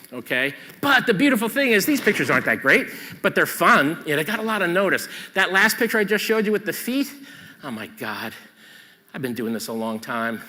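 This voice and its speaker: A man giving an animated photography seminar on a convention stage, emphatic and punchy, often checking in with "okay?". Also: a little high, in a large hall.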